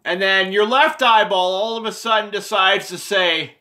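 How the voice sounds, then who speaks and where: A man talks through his drawings in a loose, wandering way, circling back and restarting phrases. His voice is fairly high and bright. His phrases often sink low and quiet as he trails off. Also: normal speed. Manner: meandering, repetitive, self-correcting. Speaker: presenter explaining his drawings. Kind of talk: rambling, unscripted explanation.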